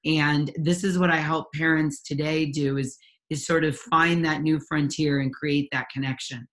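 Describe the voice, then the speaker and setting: A woman's voice: low voice, fairly even intonation, moderate pace. A woman in her forties, a parent coach, telling her personal story in an interview, earnest and candid with frequent ums and restarts. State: near tears at times.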